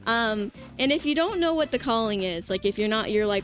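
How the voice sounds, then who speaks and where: A woman VTuber chatting casually on a livestream, excitable and rambling with lots of fillers. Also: a little high, fairly quick, few pauses, faint music behind. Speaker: VTuber streamer.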